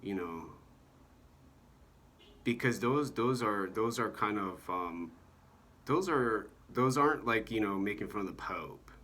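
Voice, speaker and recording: A man giving a meandering monologue about comedy, halting often and filling gaps with "you know" and "like". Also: on the low side, animated, sharp tone.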